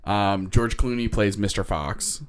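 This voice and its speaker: A man with a fairly low voice co-hosts a podcast in relaxed, loose chat. He rambles and restarts his sentences and drops in casual swearing along the way. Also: a little slow. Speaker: podcast co-host.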